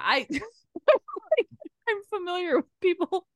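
A woman co-hosting a movie review podcast, chatting casually in an animated, gushing way and laughing often. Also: fairly high pitch, measured pace, no room sound, studio quality. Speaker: podcast co-host.

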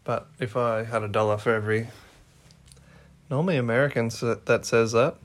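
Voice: medium pitch, steady tone, normal speed. Aussie cohost, laid back, dry little jokes, casual chat. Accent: Australian. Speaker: podcast co-host.

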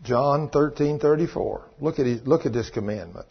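This preacher's voice is creaky with a breathy edge, moving at normal speed as he tells a folksy story within his sermon. He voices the other people in it using a high falsetto, and the lo-fi recording sounds dull.

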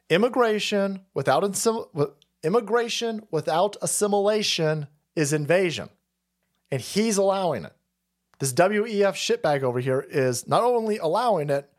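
Man, livestream host, profane rant, laughing, slightly high voice. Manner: foul-mouthed, laughing, ranting. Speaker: streamer host.

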